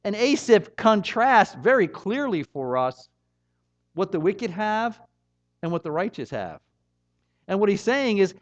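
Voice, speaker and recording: Middle-aged guy preaching, fairly high voice, emphatic, dry muffled sound. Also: dry recording. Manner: earnest, emphatic preaching with rising and falling delivery. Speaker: pastor. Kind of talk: sermon. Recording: dull, slightly muffled dry recording.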